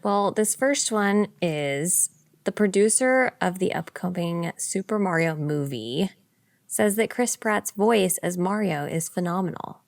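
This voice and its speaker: Playful woman with a lowish voice. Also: gravelly, no room sound. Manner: playful, laughs between remarks, reads news casually. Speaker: podcast co-host. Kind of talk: casual chat.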